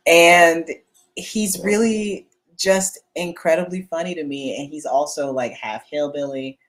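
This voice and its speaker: A woman's voice: deep voice, rough recording. A woman, a guest writer, telling a funny story in a panel chat and laughing as she goes. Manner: lively, laughing retelling.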